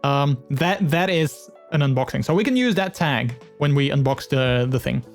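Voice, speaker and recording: A man's voice: mid-range voice, normal speed, faint music behind. A man streaming live, chatting with his viewers in a rambling, earnest way full of fillers. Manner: open and earnest. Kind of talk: casual live-stream chat.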